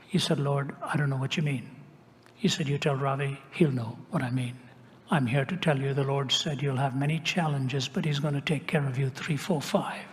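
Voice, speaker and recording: An older man telling a story in a sermon, dropping at times to a hushed whisper. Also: mid-range voice, fairly even intonation, normal speed, long reverb tail. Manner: dramatic shifts to a hushed whisper. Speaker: preacher.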